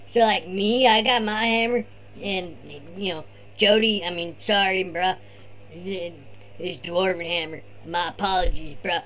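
A man's voice: high-pitched, steady tone, unhurried, sharp tone. A man putting on a lazy surfer dude. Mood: laid-back. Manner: drawling slacker talk, bruh and man every line. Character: laid-back adult male surfer dude cousin.

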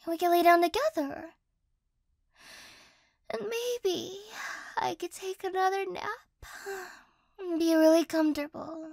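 A woman playing a cat-girl girlfriend, whispered role-play, very high voice, slow soft apologetic talk. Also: vocal fry, no room sound, studio quality, heavily acted. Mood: cuddly, sleepy. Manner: soft, gentle, hesitant and apologetic. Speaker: ASMR role-play artist.

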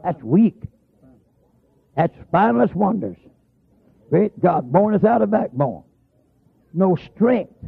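A man's voice: sits high, very animated, slow pace, creaky, pauses often, husky. A man preaching a holiness sermon, telling folksy stories and calling out scripture with emphasis. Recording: phone-like lo-fi sermon tape.

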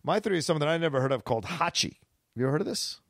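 A man's voice: on the high side, lively intonation, racing, dry recording, studio quality. A man co-hosting a podcast in casual chat, enthusiastic and thinking aloud with frequent restarts. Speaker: podcast co-host.

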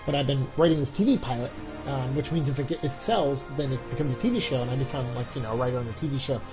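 A man's voice: medium pitch, fast, music in the background, poor audio. Tired, stuffed-up young man streaming. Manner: keeping his voice down, rambling with many fillers. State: stuffed up with a cold; exhausted. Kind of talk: casual game-stream chat. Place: home room at night.

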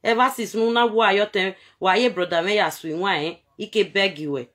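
A woman's voice: medium pitch, a little fast, a bit bright. A Nigerian woman vlogging straight to camera in a repetitive, scolding rant, switching between Pidgin and local-language phrases.

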